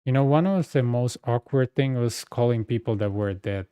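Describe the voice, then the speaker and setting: A man's voice: medium pitch, normal speed, mellow, smooth, dry recording, clean studio sound. A young man streaming a game, chatting casually and telling stories in a loose, conversational way. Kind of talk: casual chat while playing a game.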